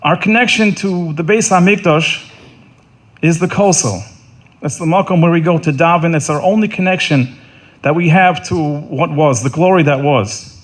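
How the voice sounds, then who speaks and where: A middle-aged man delivering a funeral eulogy in an earnest, halting way, often repeating words and restarting. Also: a little high. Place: funeral service.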